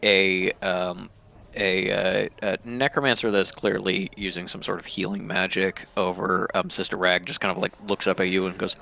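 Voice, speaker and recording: A man's voice: low voice, flat delivery, moderate pace, gravelly, pushed and bright. A man narrating as game master of a tabletop role-playing game, hesitant and full of fillers, laughing at his own jokes.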